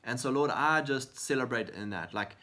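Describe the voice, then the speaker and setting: A man co-hosting a Christian talk show in an earnest, encouraging voice. He sits at a middle pitch and talks things through, often acting out prayers and questions to God as quotes. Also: moderate pace, pushed and bright. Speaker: co-host of a faith talk show.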